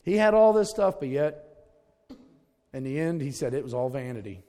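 A man's voice: medium pitch, lively intonation, normal speed, pauses often, mellow, long reverb tail. A man preaching a sermon, emphatic, repeating his key words and calling his listeners folks.

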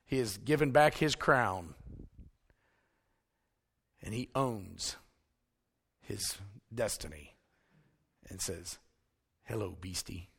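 A male preacher, delivering a sermon that swings from hushed storytelling to emphatic shouting. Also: fairly low pitch, slow, vocal fry, long pauses, husky.

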